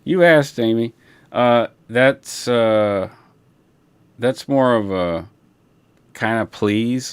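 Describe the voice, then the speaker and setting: A man hosting a livestream, chatting casually and rambling in a relaxed way, talking through a broadcast console. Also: mid-range voice, very slow, pauses often, clean tone, no room sound. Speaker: livestream host. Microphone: broadcast console setup.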